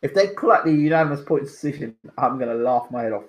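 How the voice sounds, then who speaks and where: Brief: a male boxing pundit, mid pitch, talks casually and repeats himself for emphasis. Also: expressive, fast talker. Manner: opinionated, emphatic, repeats his points. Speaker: boxing pundit and channel host. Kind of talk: casual live fight commentary. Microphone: home microphone, audio only.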